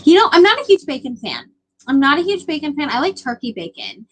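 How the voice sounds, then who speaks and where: A woman's voice: sits high, sing-song, a little fast, poor audio. A young adult woman chatting casually with her live stream viewers, rambling with lots of filler words.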